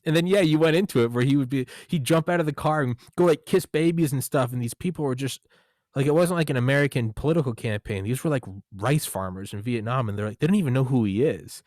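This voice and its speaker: A man's voice: mid-range voice, fast talker, no echo, studio quality. A man hosting a casual interview chat, telling stories and acting out quotes with a raised voice, swearing casually. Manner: animated, acts out quotes in a raised voice. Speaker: podcast host.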